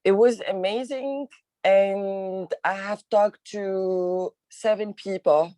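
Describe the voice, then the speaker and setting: Woman, agent on a group call, mellow and polite, dry sound. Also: mid-range voice, slow pace, no room sound. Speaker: real estate agent on a coaching call.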